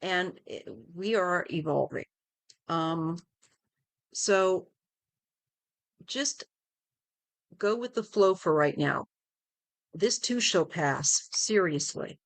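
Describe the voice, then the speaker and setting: A middle-aged woman hosting a live tarot stream, chatting gently and rambling with many fillers. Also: fairly low pitch, extremely slow, pauses often, dry recording. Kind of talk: casual live-stream chat.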